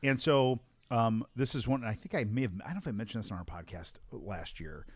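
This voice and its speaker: A man's voice: mid-range voice, fairly quick, no room sound. Guy cohosting a sales podcast, punchy, keeps repeating himself for emphasis, mid voice. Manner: emphatic, repeats phrases, animated storytelling. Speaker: podcast co-host. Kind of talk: casual sales podcast chat.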